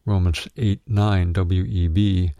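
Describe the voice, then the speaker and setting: A man with a deep, low, gravelly voice reads a written Bible study teaching aloud as scripted narration. His delivery is measured and steady, he states each verse reference plainly, and the audio is close and dry with no room sound.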